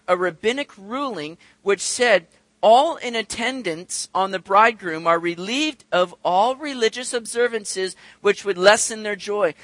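A man preaching a sermon to his congregation, animated and acting out the voices of the people he describes. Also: high-pitched, no echo. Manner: animated, acts out quoted voices, addresses congregation directly. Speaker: pastor.

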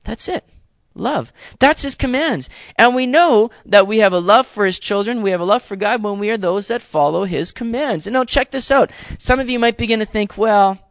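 A man preaching a sermon in a conversational, animated way, with playful asides to the congregation. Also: high-pitched, gravelly, no echo, dull audio. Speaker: pastor.

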